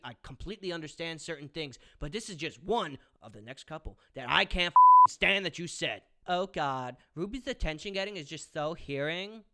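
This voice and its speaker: In a combative vlog, a young man rants profanely about a movie review, swinging between mutters and outbursts. His voice runs on the high side with a sharp tone, and there's a little hiss or hum.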